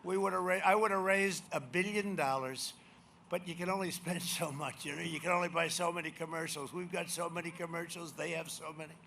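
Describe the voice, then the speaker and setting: Politician at a podium mic, high bright voice, boastful rambler, loud one moment and muttering the next. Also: male voice, fairly even intonation, a little fast, vocal fry, slight background noise. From United States. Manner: boastful, rambling, repeats himself, swings from shouts to mutters. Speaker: president speaking as a candidate. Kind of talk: campaign rally speech. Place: rally venue.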